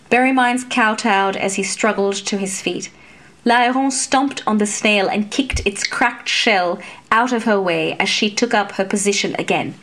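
Woman reading fiction aloud, even and measured, middle-pitched. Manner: steady, measured reading with acted dialogue. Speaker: story narrator. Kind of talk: scripted fiction narration.

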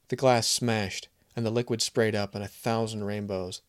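A man's voice: on the low side, fairly even intonation, moderate pace, no room sound, clean studio sound. A man reading a short story aloud, voicing the characters' dialogue with strong emotion. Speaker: narrator. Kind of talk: scripted story narration.

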